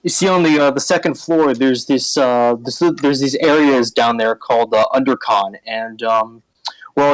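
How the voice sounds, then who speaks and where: A man's voice: medium pitch, dry recording, natural voice, poor audio. A man voicing a fussy, squeamish female gelatinous cube who works as a janitor, chatty and rambling.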